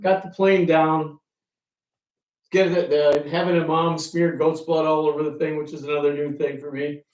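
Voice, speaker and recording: In an echoey room, captured from afar, a ferry pilot and author tells an audience animated anecdotes and plays out the dialogue he quotes. His voice is a little high, and he talks at a moderate pace.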